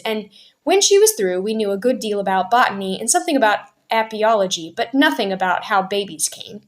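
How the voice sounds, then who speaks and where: A woman reading a family memoir aloud as a storyteller, in a steady, clear telling. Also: medium pitch, fairly quick. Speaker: storyteller aunt.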